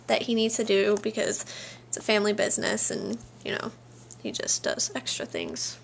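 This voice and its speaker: A woman's voice: on the high side, bright, forceful tone. A woman vlogging at home, chatting in a bubbly, exclamatory way. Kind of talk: casual daily vlog chat. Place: home, indoors.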